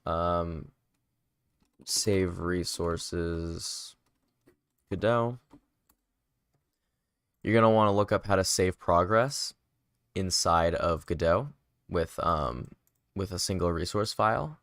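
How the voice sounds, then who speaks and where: A man streams his game development, talking casually as he works and answers questions from viewers. His voice sits low and he sounds a bit tired. The sound is dry and close, with no room echo. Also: takes it slowly, long pauses, fairly bright tone. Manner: chatty, answers viewer questions while working. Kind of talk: casual livestream chat and coding explanation.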